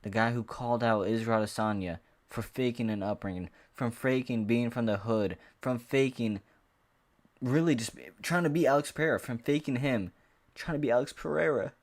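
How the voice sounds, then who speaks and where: A man's voice: medium pitch, normal speed. A man ranting to camera in a casual sports vlog, heated and profane, rambling with frequent restarts. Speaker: MMA commentary vlogger.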